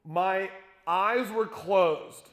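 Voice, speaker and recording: Man, youth speaker, high voice, animated jokey storytelling, echoey room. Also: extremely slow. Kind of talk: storytelling youth talk to middle schoolers. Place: church conference room with an audience.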